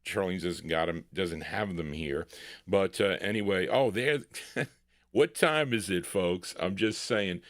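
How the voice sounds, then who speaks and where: A man's voice: low voice, unhurried, no room sound, studio quality. A man hosting a live oldies record show, rambling between songs with many fillers and self-interruptions. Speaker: radio-style show host and DJ.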